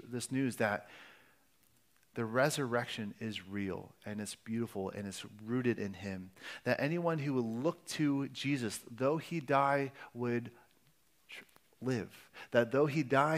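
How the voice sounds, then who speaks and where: A man's voice: on the high side, a bit bright. A man preaching a sermon as pastor, speaking earnestly and sometimes restarting his phrases. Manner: earnest, with restarts and varying emphasis.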